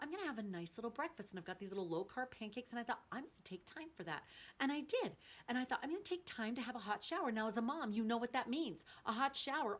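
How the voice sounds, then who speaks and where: A middle-aged woman host telling personal stories in a casual, earnest and animated way. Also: fairly high pitch. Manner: earnest, animated storytelling with rising excitement.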